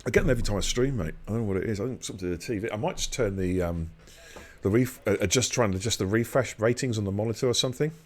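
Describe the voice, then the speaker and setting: A middle-aged man, hosting a live sim racing stream with loud, excitable hype and cheeky banter. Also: on the low side, rapid-fire. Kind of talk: live esports race commentary.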